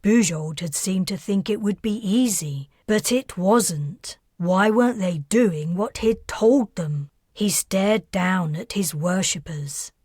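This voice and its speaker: A woman reading her own science fiction novel aloud in steady, measured scripted narration, close to the mic. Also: medium pitch, slightly rough, no room sound.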